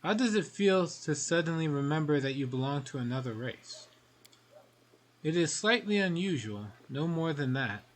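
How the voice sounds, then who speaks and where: A man's voice: on the high side, lively intonation, moderate pace, close to an everyday voice. A man reading aloud the lines of an eccentric, aloof female fox-spirit scholar from a game, in a dry, matter-of-fact way.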